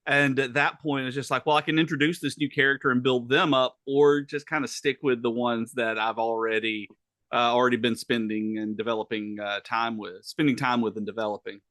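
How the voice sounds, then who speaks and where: A man with a Southern US accent, co-hosting a podcast and talking in a halting way full of uhs. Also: mid-range voice, little pitch movement, a bit bright, no room sound. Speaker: podcast co-host. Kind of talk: casual chat.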